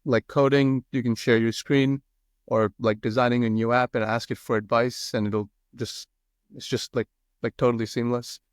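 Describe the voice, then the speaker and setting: Chill guy on a podcast, says like a lot, mid pitch, dry close mic. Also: normal speed, clean tone, no echo. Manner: relaxed, filler-heavy, says "like" often. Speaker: co-founder demoing his product. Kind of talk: casual podcast chat.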